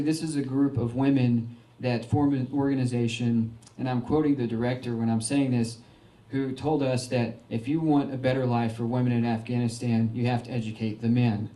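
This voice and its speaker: A man's voice: medium pitch, warm tone. Folksy man in an echoey room. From Arkansas, United States. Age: young adult. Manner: folksy and earnest, with frequent fillers and restarts. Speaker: veteran giving a slideshow talk. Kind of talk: informal public talk.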